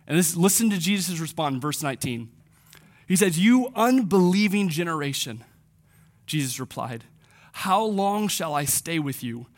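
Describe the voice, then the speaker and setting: A pastor giving a conversational sermon, slowing down and dropping his voice for emphasis. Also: on the high side, lively intonation. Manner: conversational preaching, slows for emphasis.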